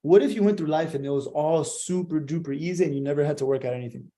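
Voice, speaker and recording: Warm, mellow, foul-mouthed motivational man. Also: on the high side, fast. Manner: swears constantly, emphatic, preachy. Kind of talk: profane motivational monologue.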